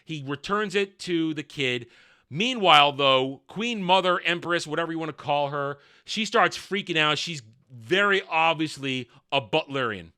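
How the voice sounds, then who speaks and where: Irreverent male TV reviewer, a bit high-pitched, very bright and forceful tone. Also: moderate pace, clean tone. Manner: sarcastic, irreverent and blunt. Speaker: TV show reviewer. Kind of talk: casual video review commentary.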